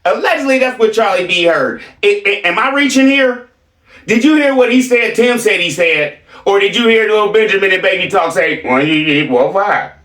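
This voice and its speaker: A man's voice: high voice, animated, normal speed, a bit bright, echoey room, far from the mic. A man doing reaction commentary, mocking and theatrical, with a repeated catchphrase.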